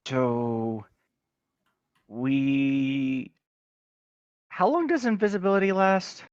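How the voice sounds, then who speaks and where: A man's voice: medium pitch, expressive, extremely slow, smooth, no room sound. Man, tabletop game player, hesitant, stop-start delivery, muffled dry recording. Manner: hesitant, many fillers and restarts. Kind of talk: casual game chat.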